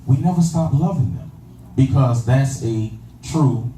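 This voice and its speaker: Delivering a sermon at a measured pace, this man has a medium-pitched voice with a dark tone. Call-and-response drives his delivery as he repeats phrases and asks whether the congregation follows, saying "you understand that?". Slight background noise is present, and the echoey room is recorded from a distance with faint ambience.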